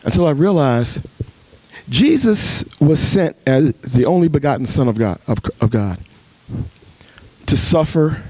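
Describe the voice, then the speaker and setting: A man gives a sermon at a men's retreat, his voice climbing sharply when he acts out arguing with God and settling low when he turns personal. The sound is dry and close, with little room echo. He speaks as a pastor talking straight to the men in front of him. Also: sing-song, measured pace, long pauses, a little mellow. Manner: preaching with big pitch swings, acting out dialogue with God.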